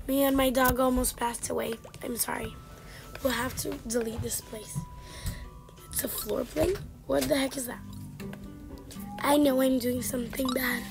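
High-voiced woman commenting on a game. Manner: chatty, scolding game characters. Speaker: gaming channel host. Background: game music.

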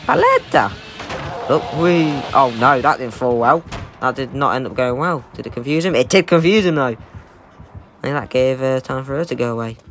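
A young man giving excitable, jokey live commentary while playing a game, swearing and trash-talking the opponent. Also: mid-range voice, moderate pace, soft background music. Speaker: gaming YouTuber.

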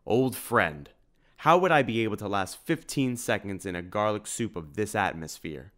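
A noble vampire hunter speaks formally and with command, as a man reading an audiobook voices him. His voice sits low. He is earnest. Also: lively intonation, normal speed, a bit bright.

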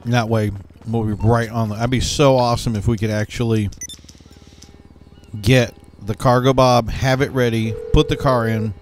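A man's voice: mid-range voice, steady tone, normal speed, faint music behind. Rambling male gameplay commentator. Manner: rambling, thinks aloud with fillers and restarts. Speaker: gaming YouTuber.

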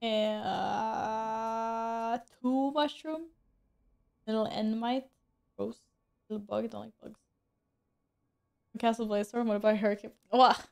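A woman's voice: on the high side, fairly even intonation, slow pace, vocal fry, long pauses, darkish tone, smooth. Chatty woman streaming a game. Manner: chatty, self-mocking, laughs often. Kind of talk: casual gameplay stream chat.

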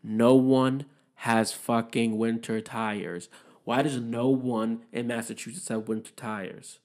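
A young man rambles through a casual solo podcast monologue. His voice sits at a middle pitch, and he swears freely as he airs his opinions. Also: steady tone, slow pace, a little mellow. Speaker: podcast host.

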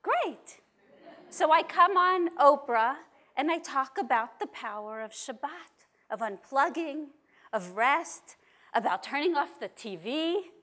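A woman rabbi from New York speaks in a high voice at a slow, deliberate pace. She delivers a measured, emphatic talk to a conference audience. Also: lively intonation, fairly bright tone. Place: conference hall.

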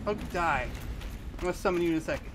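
A man giving excitable let's play commentary, laughing, swearing and yelling at the game. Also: sits high, racing, noisy background. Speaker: gamer playing online. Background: game music.

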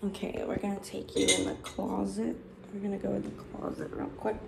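A woman's voice: mid-range voice, level tone, a little fast, vocal fry, heavy background noise. A young woman in her early twenties, rambling bluntly with swearing as she chats while getting ready at home. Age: early 20s. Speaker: vlogger. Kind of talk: get-ready-with-me chat. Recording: echoey room, distant mic.

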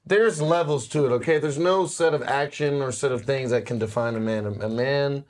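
A man's voice: mid-range voice, normal speed, a little mellow. A man speaking as an interview guest in a casual, playful, laid-back way.

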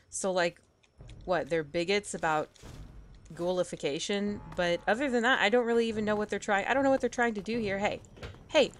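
A woman's voice: medium pitch, fairly bright tone. A young woman gamer giving emotional, ranting commentary while playing, upset and angry, talking back at the characters. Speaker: let's play gamer. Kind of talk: casual gameplay commentary.

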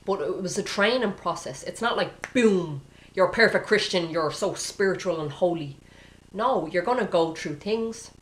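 A woman's voice: fairly low pitch, expressive, normal speed, reverberant. A woman giving an informal Christian sermon, earnest and exhorting, repeating phrases for emphasis. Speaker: Christian speaker.

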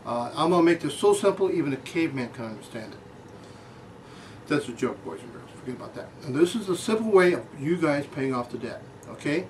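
A man giving a deadpan mock lecture, talking down to his listeners as if they were schoolchildren. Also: on the high side, brisk, recorded from a distance, a little hiss or hum, rough recording. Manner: deadpan, talks down to audience as children. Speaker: comic lecturer.

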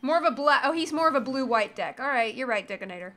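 A woman's voice: high-pitched, expressive, fast talker, bright, forceful tone, faint music behind. A woman in her thirties streaming a video game, chatting casually and breaking into silly singing and humming as she plays. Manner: goofy, sings and hums while playing. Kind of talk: casual gaming chat.

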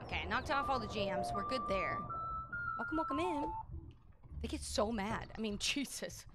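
A woman's voice: on the high side, lively intonation, moderate pace, over loud music. A woman live-streaming a game, chatting playfully and greeting viewers as she plays. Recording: noisy background.

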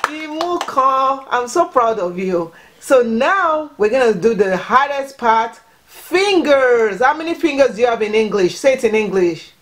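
A woman's voice: fairly high pitch, very animated, normal speed, slight background noise. A woman teaching words to children at home, patient and encouraging, prompting and repeating each word. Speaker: vlogger teaching Yoruba to children. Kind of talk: home language lesson.

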